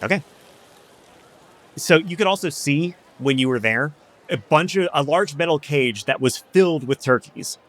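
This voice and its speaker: Bright-voiced male game master. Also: a little high, animated, moderate pace. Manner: loose, rambling with fillers. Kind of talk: narrating a tabletop game.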